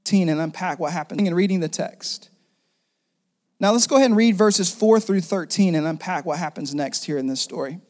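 A man preaching a sermon as pastor, animated and jokey, acting out the people in the story. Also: sits high, normal speed. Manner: animated, jokey, acts out the characters. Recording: long reverb of a large hall.

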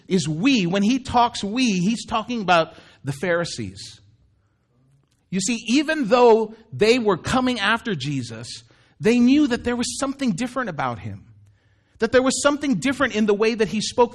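A man preaching a sermon as a pastor, telling the story in a loose, conversational way with asides to the congregation. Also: high voice.

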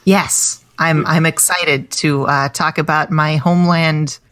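A woman's voice: deep voice, steady tone, slow pace, fairly bright tone. An American woman in her thirties, a comedian chatting casually as a podcast guest, self-deprecating and full of restarts. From United States.

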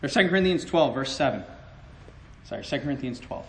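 A young man giving an impassioned sermon testimony, stammering over restarts and swinging from loud outbursts to hushed confession. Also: mid-range voice, expressive, fast, rough recording. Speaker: preacher.

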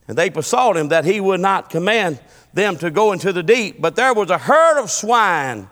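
High, bright preacher. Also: male voice, expressive, moderate pace, in a large hall. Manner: folksy, swings between shouting and low muttering. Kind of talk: sermon.

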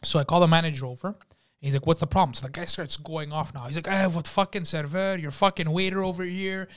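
A man with a fairly high voice spins a story in loose podcast chat. He is animated and swears freely, and he slips into the voices of the people he describes. He is recorded on a studio microphone. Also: fast talker. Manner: animated, profane, acts out the people in his story. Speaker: podcast guest. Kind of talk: casual storytelling.

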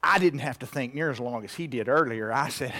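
A man in his fifties preaching a heartfelt personal story, at times dropping to a hushed near-whisper. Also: mid-range voice, fairly quick. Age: 50s.

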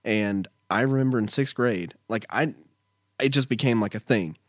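A man's voice: mid-range voice, normal speed, dry recording, studio quality. A man co-hosting a casual chat, telling a story with plenty of ums and uhs. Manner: storytelling with many fillers. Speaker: podcast co-host.

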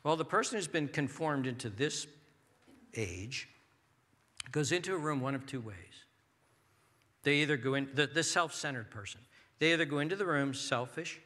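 Male pastor, sermon delivery, bright, fairly high voice, lively and dramatic, echoing hall. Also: moderate pace, long pauses. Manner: animated, acts out people's inner thoughts.

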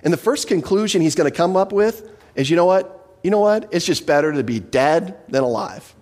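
A man preaching an expository sermon, animated, acting out quoted lines with emphatic voices. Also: fairly high pitch, brisk. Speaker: pastor. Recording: reverberant hall.

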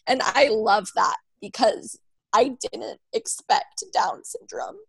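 A woman's voice: fairly high pitch, slow, vocal fry, a bit bright, husky, no room sound, low-quality recording. A young adult woman speaking earnestly and emotionally as an interview guest, with many fillers. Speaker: guest, mother of a child with Down syndrome. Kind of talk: heartfelt conversational interview.

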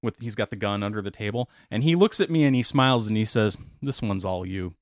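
A man's voice: medium pitch, animated, quick pace, no echo. Man, rambling storyteller, casual chat, dry close sound. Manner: rambling, lots of fillers and restarts.

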